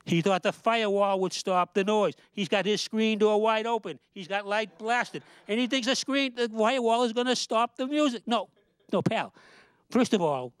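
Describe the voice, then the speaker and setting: A man hosting a show, telling comic stories and jokes in an animated, exasperated way. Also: on the high side, no room sound. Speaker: host. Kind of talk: comic storytelling.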